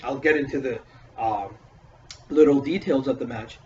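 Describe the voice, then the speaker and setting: Male wrestling reviewer, swears freely, excitable and rambling; echoey room, set back from a dull mic. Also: mid-range voice, normal speed, distant mic, slight background noise. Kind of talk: casual solo review.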